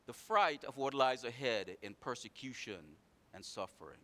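A man delivers a sermon at a normal speed, his animated voice swinging between loud, emphatic runs and low, quiet asides in a repetitive preaching cadence.

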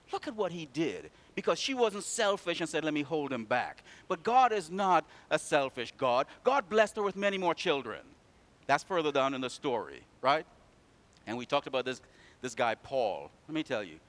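Lively preacher man with a high voice. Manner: call-and-response preaching, storytelling, swings from loud to hushed. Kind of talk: sermon.

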